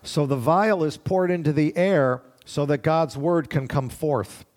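A man's voice: a little high, measured pace, darkish tone. Man teaching Bible verses, thinking aloud. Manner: conversational, thinking aloud, asks the room questions. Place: room with listeners.

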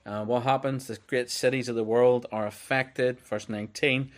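A man giving a relaxed, unscripted Bible teaching, reading verses aloud as he goes. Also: mid-range voice, moderate pace. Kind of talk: conversational sermon.

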